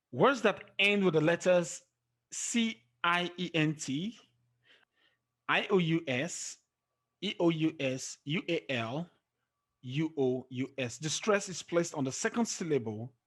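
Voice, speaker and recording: A man gives an exam-prep pronunciation lesson at an unhurried pace. His voice sits a little high, and he counts syllables out loud, one, two, three. He checks in often with a quick "okay?". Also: animated. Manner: drawls example words slowly and trails off at phrase ends. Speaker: English teacher.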